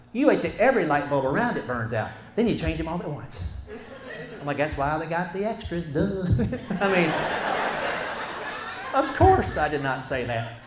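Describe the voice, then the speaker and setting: A middle-aged man doing a folksy, animated stand-up story, acting out what he and his wife said. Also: fairly high pitch. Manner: folksy, animated, acts out quotes. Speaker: stand-up comedian. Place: stage before a live audience. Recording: echoey room with background noise.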